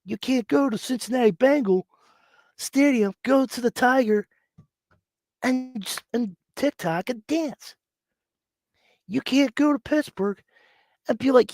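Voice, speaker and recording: A man's voice: very high-pitched, measured pace, long pauses, dry recording. A man hosting a live sports stream, ranting and mocking rival teams while sick with a cough. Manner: animated, mocking, mimics players. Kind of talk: casual live-stream rant.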